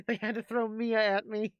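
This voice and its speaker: A woman streaming a game live, talking casually, getting excited and swearing, repeating words when worked up. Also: on the high side, measured pace, highs cut off, slight background noise. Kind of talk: casual live gameplay commentary.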